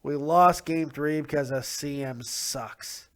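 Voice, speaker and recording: Man, solo show host, tired and frustrated, rambling, swearing, slightly high voice. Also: slow, fairly bright tone. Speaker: podcast host. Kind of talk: casual solo commentary.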